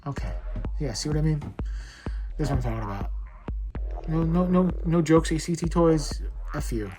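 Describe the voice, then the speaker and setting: A man's voice: a little high, normal speed, music in the background. A man reviewing an action figure in a casual, blunt and frustrated way, rambling as he fiddles with it at home. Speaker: toy reviewer. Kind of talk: casual chat.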